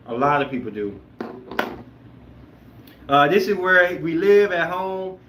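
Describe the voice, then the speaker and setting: Male podcast host, casual and emphatic, bright tone, echoey room with faint room noise. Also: high-pitched. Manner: animated, emphatic, rambling. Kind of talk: casual chat reacting to viewer comments.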